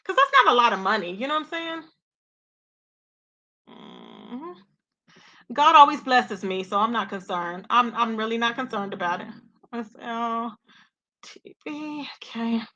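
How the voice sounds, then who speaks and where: A woman's voice: on the high side, very animated, unhurried, long pauses, sharp tone, dull audio. A woman hosting a casual commentary stream, chatty and opinionated, talking straight to her viewers. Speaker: commentary livestream host. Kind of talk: casual drama commentary talk.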